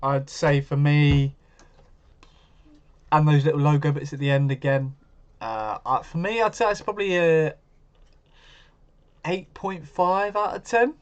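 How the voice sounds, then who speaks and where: A man's voice: on the high side, unhurried, pauses often, clear, resonant tone, highs cut off. A man hosting a live stream, chatting casually and answering viewers' comments as he goes.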